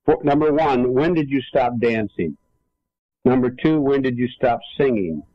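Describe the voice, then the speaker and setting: A man's voice: medium pitch, normal speed, no room sound. A man who is a guest author and speaker, telling a story in an emphatic way during a casual interview. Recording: tinny phone line.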